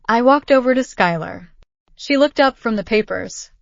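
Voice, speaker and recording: An older woman reading a scripted first-person story in a measured, steady way. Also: on the high side, creaky, dry recording. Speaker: narrator. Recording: dull dry lo-fi audio.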